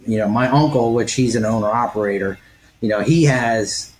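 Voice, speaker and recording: A man's voice: mid-range voice, moderate pace, rough recording. Rambling man host, faint noise. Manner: rambling questions with fillers. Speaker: podcast host. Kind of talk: casual podcast interview.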